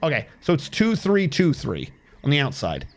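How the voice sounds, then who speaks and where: High-pitched, animated profane game streamer man. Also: moderate pace. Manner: profane, animated storytelling, counting under his breath. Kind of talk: casual rambling commentary while playing a game.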